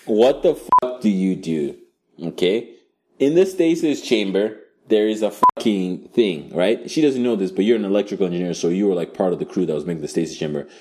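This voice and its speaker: A man leads an improvised game with a crude, swearing delivery. His fairly low voice swings widely in pitch as he narrates. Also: brisk. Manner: crude, profane and animated. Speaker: game master.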